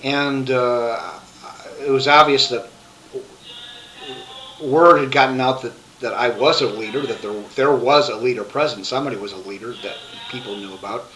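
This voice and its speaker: A man telling his life story to a webcam, rambling and halting with many restarts. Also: medium pitch, sharp tone, faint music behind, poor audio.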